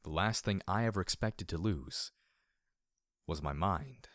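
Low-voiced guy narrating a story, dry close mic, steady and wry. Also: measured pace, no echo. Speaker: audiobook reader. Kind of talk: first-person story narration.

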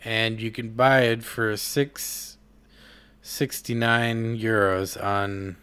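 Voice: medium pitch, flat delivery, slow, a bit bright, clear, resonant tone. A podcast host in casual chat who asks playful questions, laughs often and swears.

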